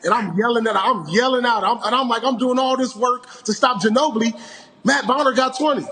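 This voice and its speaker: A man tells a story with a high voice, lively and laughing as he quotes his own words. Faint noise sits underneath. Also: brisk. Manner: lively, laughing, quoting himself. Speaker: former basketball player telling a story. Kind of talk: casual storytelling.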